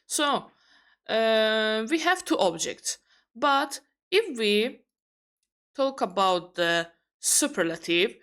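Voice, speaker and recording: Slow-paced woman teaching English grammar. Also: a little high, animated, fairly bright tone, clean tone. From Azerbaijan. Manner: slow, explanatory, with pauses and self-corrections. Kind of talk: online grammar lesson.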